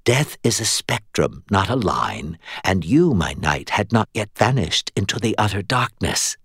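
A man voicing a cold, ancient female fae queen who speaks in a slow, measured hiss. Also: fairly low pitch, very animated, fairly bright tone, husky, dry recording, clean studio sound, heavily acted. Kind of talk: audiobook character voice.

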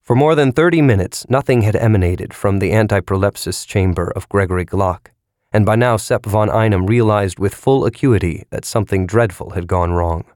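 A man with a low voice reads a novel in measured, even narration. The recording is dry and close, with no room sound. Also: no echo. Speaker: audiobook narrator. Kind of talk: scripted narration.

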